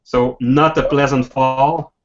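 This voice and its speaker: A man narrates as game master, stopping and restarting his sentences often. His voice sits at an ordinary pitch. The audio is dull and lo-fi, like an online voice call. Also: fairly even intonation. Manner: halting, many restarts and fillers.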